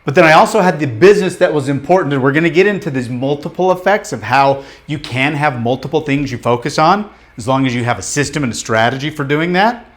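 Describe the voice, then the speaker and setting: Animated, high-pitched male motivational coach. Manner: animated and emphatic, blunt with casual swearing; asks the group rapid questions. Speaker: business coach leading a training. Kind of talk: motivational workshop talk to a live group.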